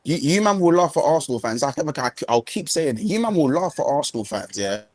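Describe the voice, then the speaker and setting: A man's voice: fairly high pitch, very animated, fairly quick, a loud crowd. A man ranting heatedly as co-host on a football podcast, repeating himself and full of slang. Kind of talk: heated casual chat.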